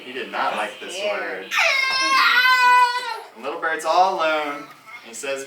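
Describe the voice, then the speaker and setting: An author reading his picture book aloud to preschoolers at a school, animated and asking the children questions. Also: a little high, unhurried, long pauses. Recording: echoey room, from far off, loud noise.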